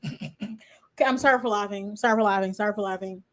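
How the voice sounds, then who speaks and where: A woman's voice: mid-range voice, a little fast. A woman in her twenties, a law student reacting live and chatting straight to her viewers. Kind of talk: live reaction stream commentary.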